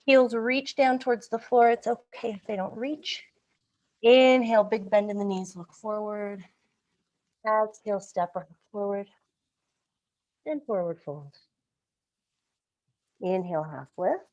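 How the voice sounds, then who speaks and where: Slow-paced woman cueing a yoga flow. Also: medium pitch, muffled recording. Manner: calm breath-paced cueing, occasional self-corrections. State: slightly out of breath. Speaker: yoga instructor. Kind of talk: live-streamed yoga class cues. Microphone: video call.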